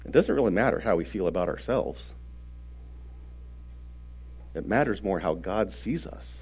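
A man preaching a sermon earnestly, stressing words and swinging between loud and soft. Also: sits low, animated, a little slow, breathy edge.

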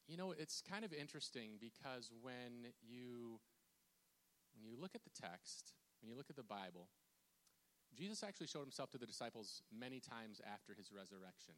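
A man's voice: medium pitch, lively intonation, normal speed, fairly bright tone, in a large hall. A man preaching a casual, chatty sermon as pastor, with many fillers and restarts. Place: church sanctuary.

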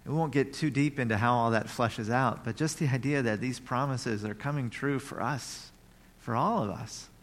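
A pastor preaches a sermon at normal speed and a middle pitch, speaking in an easy, conversational way. He reads scripture aloud and now and then breaks into a loud, happy cry.

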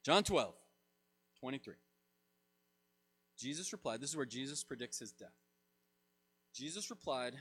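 A man preaching a sermon as pastor, swinging from loud emphatic lines to soft low asides. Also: expressive, unhurried, long pauses, slightly rough.

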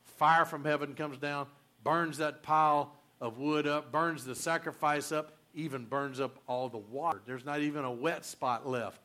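A man's voice: a little high, fairly even intonation, a little slow, bright, forceful tone. Folksy man preaching a sermon. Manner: folksy, joking asides, many restarts. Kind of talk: casual sermon storytelling.

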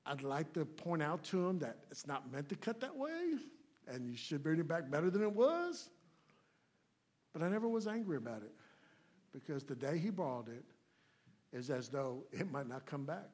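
A man preaching a sermon as a guest speaker, folksy and plainspoken, swinging between loud, emphatic points and hushed asides. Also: on the high side, big pitch swings, moderate pace.

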